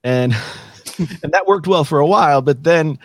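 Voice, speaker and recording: A man's voice: on the high side, measured pace, a bit bright, dry recording. A man guesting on a podcast, easygoing and telling his story, repeating words as he thinks. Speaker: podcast guest, YouTube creator. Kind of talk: casual chat.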